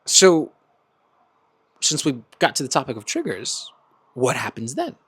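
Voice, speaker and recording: A man hosting a self-help podcast in a casual monologue, animated and laughing often as he acts out quoted friends. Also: mid-range voice, unhurried, husky, no echo. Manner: laughs often between points. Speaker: podcast host.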